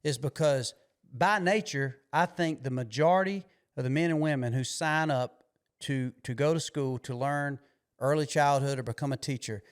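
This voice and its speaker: A man's voice: mid-range voice, moderate pace, clear, resonant tone. A man hosting a podcast, telling stories bluntly and with emphasis in casual conversation. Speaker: podcast host.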